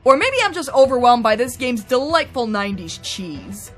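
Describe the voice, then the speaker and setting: A woman's voice: a little high, expressive, moderate pace, soft background music. A woman narrating a scripted game review in a wry, chatty way.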